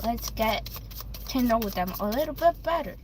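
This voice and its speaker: A woman's voice: a little high, lively intonation, normal speed, background noise. A young woman livestreaming tarot readings, chatting with viewers in a bubbly, giggly way. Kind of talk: casual livestream chat.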